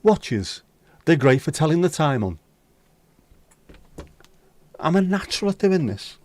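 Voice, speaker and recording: Hosting a livestream, this man trades casual, jokey banter with his viewers. His voice sits fairly high with big pitch swings and a darkish tone, and he takes his time.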